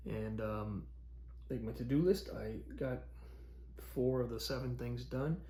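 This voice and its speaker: A man's voice: mid-range voice, a little slow, mellow. A young adult man telling a story in a loose, rambling way, with many fillers and restarts, for a casual daily vlog. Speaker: vlogger.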